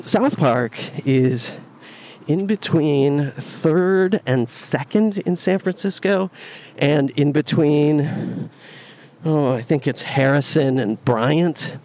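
A man's voice: a little high, very slow, darkish tone. A man narrating his walk to work, talking casually and rambling with lots of fillers, recorded on a phone on a city street. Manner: meandering, many fillers and restarts. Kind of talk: casual rambling monologue while walking. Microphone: phone recording app. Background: faint street ambience.

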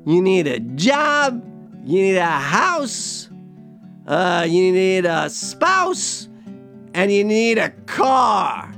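A man's voice: high-pitched, big pitch swings, drawn-out words, fairly bright tone, soft background music, exaggerated voice. A man voicing a blunt know-it-all with a put-on East Coast accent, lecturing emphatically.

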